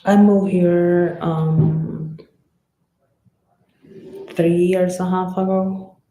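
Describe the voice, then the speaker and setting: A woman's voice: lowish voice, flat delivery, drawn-out words, dark tone, roomy sound, low-quality recording. A woman boxer with a Spanish accent and Spanish as her first language, chatting loosely and swearing freely on a casual live stream. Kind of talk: casual live-stream chat answering comments.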